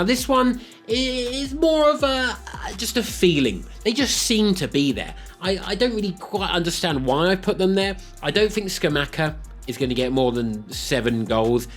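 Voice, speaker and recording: A young man giving blunt, sarcastic football predictions as a video host. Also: mid-range voice.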